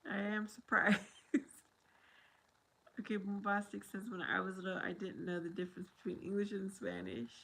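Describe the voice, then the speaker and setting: A woman's voice: mid-range voice, little pitch movement, moderate pace, vocal fry, pauses often, fairly bright tone, husky, poor audio. An American woman hosting a casual livestream, rambling and chatty as she talks with viewers and laughs often. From United States.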